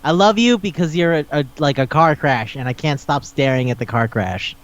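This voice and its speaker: A man's voice: a little high, normal speed, highs cut off. A man co-hosting a casual podcast chat, ranting and swearing as he picks a movie apart. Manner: ranting, profane, animated. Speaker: podcast co-host.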